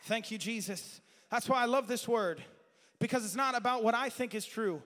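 A man preaching a sermon with passion, his voice climbing to shouts and then dropping to quiet asides, and saying he has strayed from his notes. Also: extremely high pitch, normal speed, long reverb tail, slight background noise.

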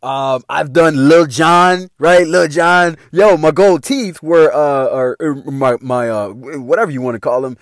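A man telling a casual personal story to his viewers, animated and heavy on profanity, often breaking into laughter. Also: fairly high pitch, unhurried, hardly any pauses, dry recording, studio quality.

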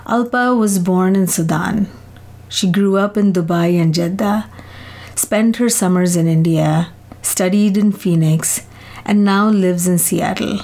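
A woman host reading scripted narration between interview clips in a measured way. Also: medium pitch, a little mellow. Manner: measured storytelling delivery. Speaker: podcast host.

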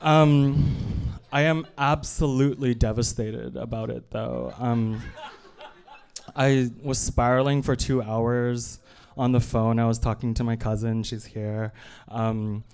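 Smooth-voiced man telling a comic story. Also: medium pitch, fairly even intonation, slow pace, a little mellow. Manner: chatty, self-deprecating, lots of fillers and asides. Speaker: stand-up comedian. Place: live evening show on stage.

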